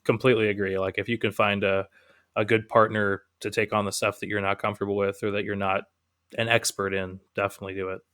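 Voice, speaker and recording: A man with a fairly low voice hosts a casual podcast interview. He talks in an easygoing way and reads listener questions aloud. The recording is dry and close, with almost no room sound. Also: little pitch movement, fast, fairly bright tone, clean tone, no room sound. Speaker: podcast host.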